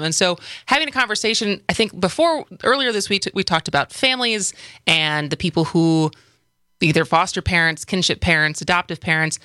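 A woman's voice: mid-range voice, pushed and bright, dry recording, clean studio sound. A woman hosting a casual radio talk show, chatty and upbeat. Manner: chatty, upbeat, with many restarts.

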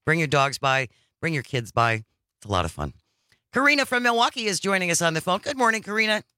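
A chatty male radio host with a bright, forceful tone. He talks with eager enthusiasm, and his voice is slightly higher than most men's. The sound is close and dry. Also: sing-song, fast, no room sound. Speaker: radio talk show host. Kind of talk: casual radio chat.

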